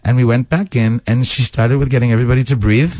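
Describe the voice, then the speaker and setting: A man's voice: mid-range voice, quick pace, a little mellow, dry recording. A man being interviewed as a stage actor and singer in a radio studio, chatty, self-mocking and laughing often. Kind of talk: casual interview chat.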